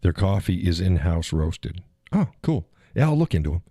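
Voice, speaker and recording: Man host, very low and mellow voice, rambling casual livestream chat with frequent chuckles. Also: big pitch swings, moderate pace, breathy edge, no room sound, studio quality. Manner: rambling, chuckles often, answers chat viewers. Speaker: live stream host.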